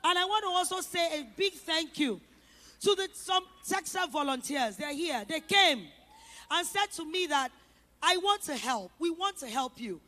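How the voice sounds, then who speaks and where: A woman's voice: extremely high pitch, sharp tone. A woman giving an effusive, emotional thank-you speech on a conference stage, repeating herself as she calls her team up. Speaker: event founder and host.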